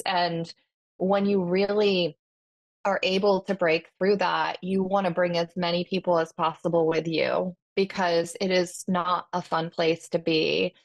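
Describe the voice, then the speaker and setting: Earnest woman coach, lower voice. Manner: earnest and effusive, inspirational phrasing. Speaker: podcast guest and wellness coach. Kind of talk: casual podcast chat.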